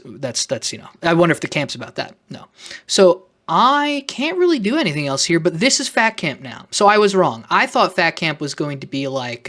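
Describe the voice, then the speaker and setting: A man's voice: mid-range voice, fairly bright tone. A man making an off-the-cuff vlog, talking sarcastically and rambling, with self-conscious asides. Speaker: YouTuber.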